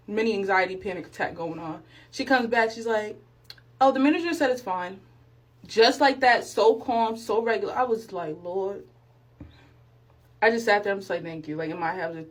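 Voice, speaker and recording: Young adult woman vlogger, lively storyteller, plays her own reactions, earnest about faith. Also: medium pitch. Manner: animated, acts out her own reactions and quotes; sincere, speaks of faith. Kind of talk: casual storytime testimony.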